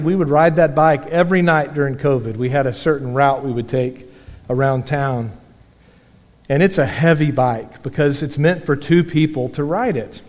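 Male pastor, high voice, folksy storyteller who builds to earnest emphasis; sermon in a church hall with long reverb. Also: a little mellow. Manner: folksy storytelling preacher, rising to emphatic exhortation. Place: church sanctuary.

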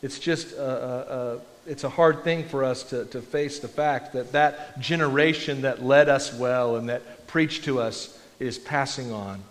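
In a church sanctuary, a pastor delivers a conversational, self-deprecating sermon. His voice is medium in pitch, unhurried, with hardly any pauses, and the large hall leaves a long reverb on the recording.

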